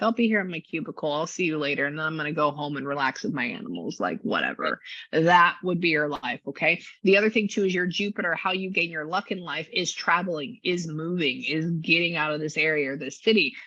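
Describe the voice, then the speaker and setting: A woman psychic giving a casual reading, chatty and quick to act out what people say in lively voices. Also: on the low side, dry recording. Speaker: psychic medium and astrology reader. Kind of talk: casual one-on-one reading session. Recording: dull lo-fi sound.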